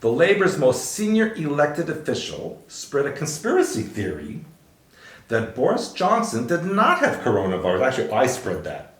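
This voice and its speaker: A man's voice: on the high side, wildly swooping pitch, moderate pace. A man co-hosting a podcast, reading news items aloud and adding dry, joking asides. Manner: reads headlines aloud with wry asides. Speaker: podcast co-host. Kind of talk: casual news commentary. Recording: roomy echo.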